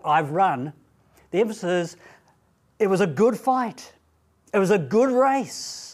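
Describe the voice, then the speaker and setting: A man giving a Bible talk at a student training event, speaking deliberately and emphatically and asking rhetorical questions. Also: fairly high pitch, a little mellow.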